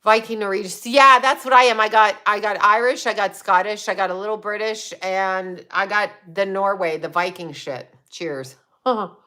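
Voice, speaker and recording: A woman's voice: mid-range voice, steady tone, moderate pace, bright, forceful tone. A woman hosting a casual livestream, answering viewers in a rambling, blunt and profane way. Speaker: psychic medium livestream host.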